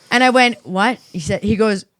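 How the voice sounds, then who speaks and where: A middle-aged woman telling stories in casual chat, profane and animated, acting out what people said. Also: mid-range voice. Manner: profane, animated storytelling with acted-out quotes. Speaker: podcast co-host.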